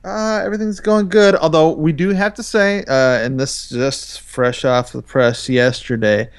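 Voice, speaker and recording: Gravelly man on a podcast, laid-back. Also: a little high, steady tone, measured pace, dry recording, studio quality. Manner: laid-back, rambling with fillers. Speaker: podcast co-host. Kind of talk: casual chat.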